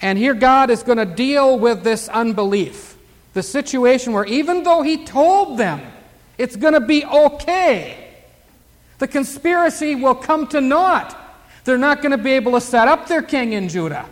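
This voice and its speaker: A man's voice: extremely high pitch, animated, moderate pace. An older man preaching a Bible teaching sermon in a folksy way, full of rhetorical questions and asides as he reads scripture aloud. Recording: long hall reverb.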